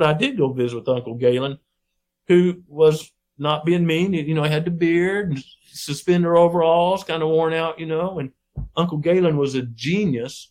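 A middle-aged man, a podcast guest, telling stories about his farming past in a folksy, animated way. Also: a little high. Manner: folksy, animated storyteller who acts out quoted people. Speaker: podcast guest, wildlife researcher. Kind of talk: casual storytelling interview.

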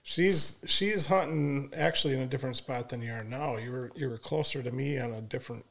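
A man's voice: medium pitch, brisk, a bit bright. A man telling a folksy family hunting story in casual podcast chat. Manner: folksy anecdotal. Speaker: family member guest.

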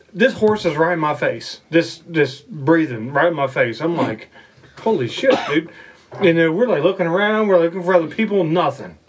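A man telling a story on a podcast in a rambling, profane way, laughing often. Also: on the high side. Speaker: podcast co-host. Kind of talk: casual storytelling.

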